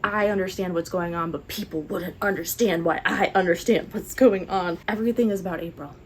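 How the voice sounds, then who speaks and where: A young woman chatting casually through a book review, animated and sarcastic. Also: on the low side, brisk, slight background noise. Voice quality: animated, sarcastic, eye-rolling. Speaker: book vlogger.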